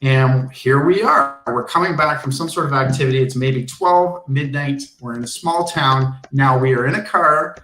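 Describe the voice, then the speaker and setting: A man's voice: mid-range voice, moderate pace, few pauses, pushed and bright, echoey room, rough recording. A male teacher giving a classroom lesson, telling a personal story in a chatty way with frequent ums.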